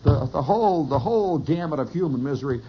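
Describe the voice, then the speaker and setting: A man telling a rambling comic story in an animated, digressive way, on a lo-fi recording. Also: fairly high pitch, quick pace, husky. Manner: animated, digressive, bursts of laughter.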